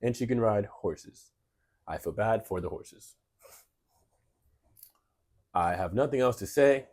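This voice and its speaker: A man's voice: lowish voice, expressive, slow, a little mellow. A man co-hosting a casual comedy podcast, sarcastically reading and mocking dating profiles. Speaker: podcast co-host.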